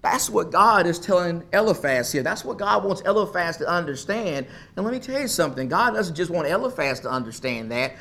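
A man's voice: sits high, big pitch swings, a little fast, creaky, few pauses, bright, forceful tone. A man preaching a sermon as pastor, emphatic, repeating phrases for stress.

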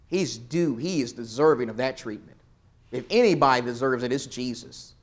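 A man's voice: medium pitch, lively intonation, moderate pace. Man teaching an interactive Bible class. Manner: questions the class, swells loud then drops soft for emphasis. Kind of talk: interactive Bible study lesson.

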